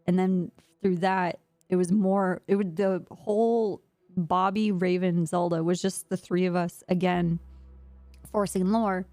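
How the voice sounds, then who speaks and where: A woman's voice: on the low side, steady tone, measured pace, dark tone, no echo. A woman streamer chatting casually while gaming, telling a rambling story and laughing often. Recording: faint music behind.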